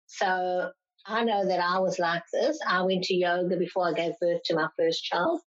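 A woman's voice: fairly low pitch, fairly even intonation, moderate pace. A woman clinical psychologist answering interview questions, explaining patiently and sometimes acting out parents' complaints in a raised voice. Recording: slightly dull lo-fi sound.

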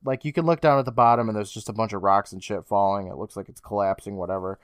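A man's voice: on the low side, steady tone, fast talker, clean tone, no room sound, clean studio sound. A young adult man co-hosting a podcast, recapping a TV episode in a wry, profane, casual way. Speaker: podcast co-host.

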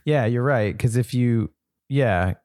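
A man chiming in agreeably on a podcast, using "like" often. His mid-pitched voice is recorded dry and close. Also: darkish tone, dry recording. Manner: agreeable, quick interjections, fillers. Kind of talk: casual podcast chat.

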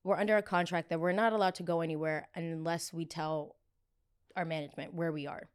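A young woman hosting a podcast, telling a story in chatty, animated fashion, full of "like" fillers and acted-out quotes. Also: fairly quick, clear, resonant tone. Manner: animated, acts out quoted people with big jumps in pitch and loudness; chatty, heavy use of filler "like". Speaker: podcast host. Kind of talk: casual storytelling.

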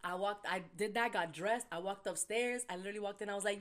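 A young adult woman co-hosting a podcast, telling a story in casual chat, animated and profane, acting out quotes loudly. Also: mid-range voice, fast, few pauses. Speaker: podcast co-host.

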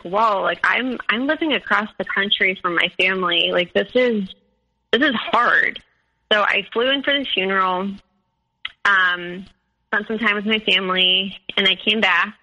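A woman's voice: mid-range voice, pushed and bright, low-quality recording. A young woman telling her personal story as a podcast guest, candid and full of fillers. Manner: candid storytelling with many fillers, quoting others.

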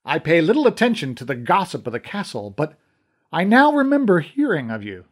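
A man's voice: a little high, huge pitch swings, brisk, pitched above the performer's own voice. A man voicing a stern male master archer who guards an armory and speaks in formal, old-fashioned courtly language. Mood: grave. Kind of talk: audiobook character reading.

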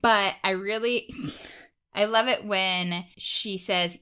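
Woman podcast co-host with a smooth, clear voice and a mid-range pitch who chats casually and fills pauses with "like". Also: fairly even intonation, pushed and bright. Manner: chatty, uses many "like" fillers. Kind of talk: casual chat.

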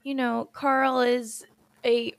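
A woman's voice: fairly high pitch, flat delivery, slow, gravelly, dry recording. A woman hosting a podcast, reacting and laughing often in a casual conversation. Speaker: podcast host.

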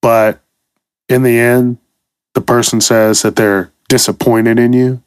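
A man's voice: medium pitch, level tone, unhurried, clear, resonant tone, no room sound, studio quality. A man hosting a comedy podcast, delivering a profane, exasperated solo rant. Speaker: podcast host.

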